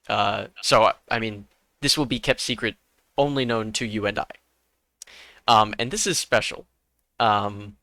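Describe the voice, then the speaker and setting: Man, game master, bright forceful voice, dry close recording, brisk rule reading. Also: medium pitch, no echo. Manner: brisk, encouraging, reads rules aloud. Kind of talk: running a tabletop horror game, reading rules.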